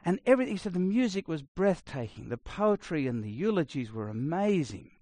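A middle-aged man preaching a sermon, blunt and conversational, swinging between loud emphasis and quiet asides. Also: on the high side, sing-song, brisk, no room sound. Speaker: pastor.

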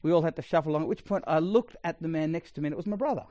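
A middle-aged Australian man preaching a sermon in a chatty, storytelling way with quick asides. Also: fairly high pitch, dark tone, muffled recording.

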